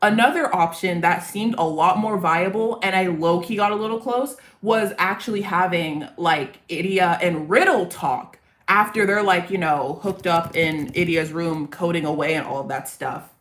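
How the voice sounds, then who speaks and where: A woman's voice: fairly low pitch, normal speed, a bit bright. Rambling, self-mocking woman streamer. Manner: rambling, self-deprecating, easily amused. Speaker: parody songwriter and streamer. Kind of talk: casual livestream chat.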